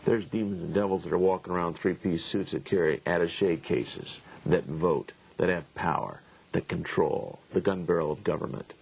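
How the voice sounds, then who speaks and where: Man, middle-aged pastor, husky low voice, folksy wry storytelling, dull lo-fi 1990s tape sound. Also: fairly even intonation, normal speed, darkish tone. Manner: folksy, wry, chuckles often. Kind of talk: storytelling sermon talk.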